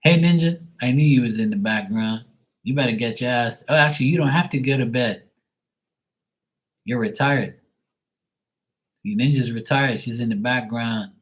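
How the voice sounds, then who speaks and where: A middle-aged man rambles through a late-night livestream. He is blunt and liberal with profanity. His voice sits at an ordinary middle pitch in a loose, offhand delivery. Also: normal speed, pauses often, poor audio. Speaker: livestream tarot reader.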